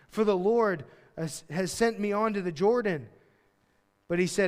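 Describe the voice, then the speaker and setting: Pastor guy preaching, high voice, chatty and slangy, acts out the lines, big echoey church hall. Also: unhurried, clean tone. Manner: conversational, slangy preaching with acted-out quotes. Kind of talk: sermon. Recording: long hall reverb.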